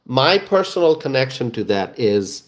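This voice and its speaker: A middle-aged man, hosting a casual live stream and chatting to viewers, halting and full of fillers and restarts. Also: medium pitch, big pitch swings. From Bangladesh.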